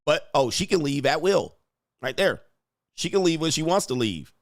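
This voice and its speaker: A man's voice: a little high, animated, normal speed, no room sound, clean studio sound. Blunt, mocking male commentary host. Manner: blunt, crude, mocking, slangy. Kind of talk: reaction commentary on clips.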